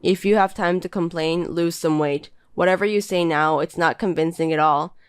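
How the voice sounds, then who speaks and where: Bossy insulting husband, read by a woman in a lowish voice, cold and belittling. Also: fairly even intonation, moderate pace, smooth, soft background music, close to an everyday voice. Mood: contemptuous. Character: scornful insulting young husband. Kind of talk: reading a text-message story.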